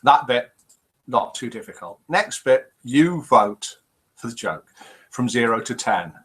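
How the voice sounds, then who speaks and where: An older British man hosts a live interactive stream, reading viewers' messages aloud in a chatty, jokey way. His voice is medium-pitched, animated and a bit bright with a slightly rough edge, delivered at a measured pace over poor audio.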